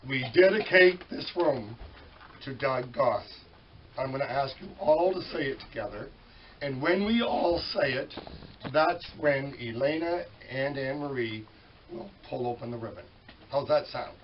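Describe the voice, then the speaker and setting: A man's voice: mid-range voice, normal speed, a little hiss or hum. A man with a weak voice, chatting folksily as master of ceremonies at a library dedication, correcting himself as he goes. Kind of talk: public ceremony announcements. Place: library at a public dedication event. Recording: distant, dull event recording with crowd.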